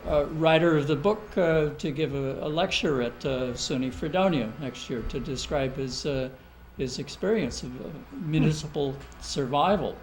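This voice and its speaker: Halting man full of filler ums. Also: fairly high pitch, a little hiss or hum, low-quality recording. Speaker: village trustee. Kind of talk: public budget meeting. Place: council meeting room.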